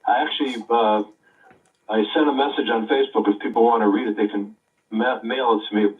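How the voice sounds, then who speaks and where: Halting man on a thin, tinny line. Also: mid-range voice, fairly even intonation. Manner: halting, lots of "uh" fillers. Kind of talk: casual political commentary. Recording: thin phone-like sound from a distance.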